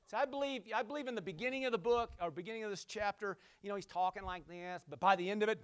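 High-voiced man preaching with emphatic call-and-response. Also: quick pace, few pauses, smooth. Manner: emphatic call-and-response preaching, shouting at peaks, then dropping low; folksy and conversational. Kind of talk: sermon.

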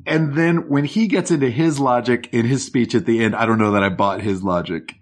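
A man's voice: mid-range voice, brisk. Wry man chatting about movies. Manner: wry, laughs often. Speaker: podcast co-host. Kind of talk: casual movie chat.

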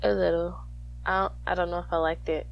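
A woman's voice: lowish voice, little pitch movement, fairly quick, vocal fry. A woman hosting a podcast, chatting casually and teasing her co-host. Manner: teasing, playful banter. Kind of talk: casual chat. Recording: dull lo-fi sound.

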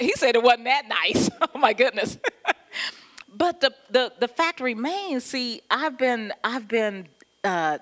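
A woman pastor giving an animated, conversational sermon, often laughing as she talks. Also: on the high side.

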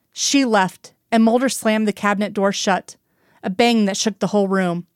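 A woman reads a story aloud in a steady, even narrating voice. Her pitch sits in the middle of the range. The recording is close and dry, with no room sound. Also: normal speed, smooth, no room sound. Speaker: audiobook reader. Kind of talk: reading fan fiction aloud.

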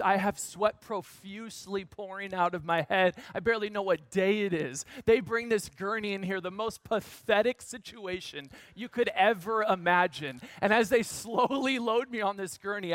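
Guy in his 30s preaching a story, high bright voice, dry sound, goes from shouting to quiet. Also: dry recording. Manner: animated storyteller, swings from shouting to hushed. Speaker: guest speaker. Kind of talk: storytelling sermon.

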